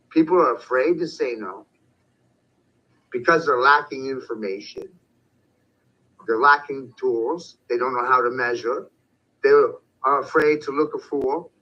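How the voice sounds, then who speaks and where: A man's voice: medium pitch, measured pace, long pauses. A man delivering a profane, confrontational monologue as an online commentator. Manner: profane, confrontational, shouting at times. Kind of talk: ranting monologue. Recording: dull lo-fi sound.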